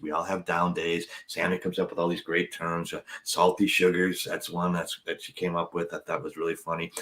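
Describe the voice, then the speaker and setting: A man in his fifties with a very deep voice tells a story in a casual chat. He jokes at his own expense and acts out what other people said. He talks like a comedian co-hosting a podcast over a video call. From United States. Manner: jokey, self-deprecating, acts out other people's lines.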